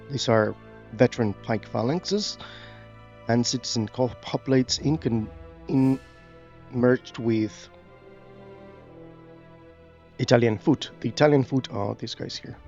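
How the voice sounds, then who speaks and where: A man's voice: medium pitch, creaky, lo-fi sound. A man giving casual commentary on a strategy game, reading tutorial text aloud and musing with fillers. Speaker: gaming YouTuber.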